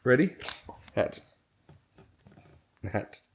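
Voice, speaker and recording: A woman's voice: drawn-out words, a little hiss or hum. A young mother, chatty and laughing often, cooing at her baby in a casual family vlog.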